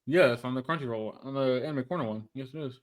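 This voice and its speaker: A man's voice: medium pitch, fast talker. A man co-hosting a casual anime podcast, talking emphatically and repeating himself as he argues his points. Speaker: podcast co-host.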